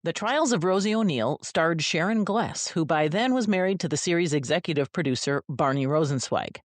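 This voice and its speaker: A woman's voice: sits low, expressive, normal speed, no echo. A woman hosting an interview podcast, asking questions and reading scripted segments. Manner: attentive, affirming listener. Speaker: podcast host.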